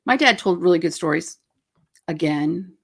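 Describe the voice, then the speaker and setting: A woman's voice: lowish voice, lively intonation, gravelly. A woman co-hosting a casual livestream, teasing and chiming in. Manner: teasing, quick interjections. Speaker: co-host.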